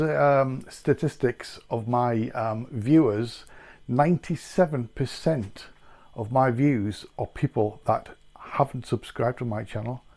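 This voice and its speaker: A man's voice: mid-range voice, darkish tone. A man chatting casually in a food taste-test vlog, rambling and filling gaps with lots of ums and uhs. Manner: chatty and rambling, with many fillers. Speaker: food vlogger.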